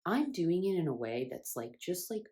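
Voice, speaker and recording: A woman's voice: on the low side, big pitch swings, normal speed, dark tone. A woman talking casually as a self-help coach, earnest and repeating phrases for emphasis. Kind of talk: casual spiritual coaching talk.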